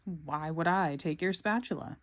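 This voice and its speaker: A woman's voice: low-pitched, moderate pace, natural voice. A woman voicing a scheming tiny male plankton villain in a storybook read-aloud, eager and wheedling.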